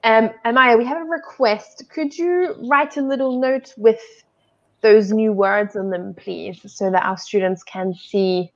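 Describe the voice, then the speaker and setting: A woman from New Zealand with a New Zealand accent, co-hosting a live online English lesson, asking many questions and gently guiding. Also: fairly high pitch, steady tone, unhurried, lo-fi sound. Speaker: English teacher co-hosting a livestream.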